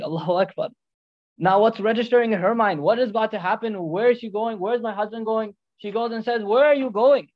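A religious teacher telling a story as a sermon, often checking in with listeners with a quick "right?" or "okay?" and weaving in short Arabic phrases. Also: mid-range voice. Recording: dull lo-fi recording.

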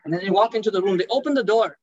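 A man's voice: high-pitched, racing, breathy edge, highs cut off. A man giving a sermon as a Muslim preacher, speaking conversationally and addressing the audience as brother.

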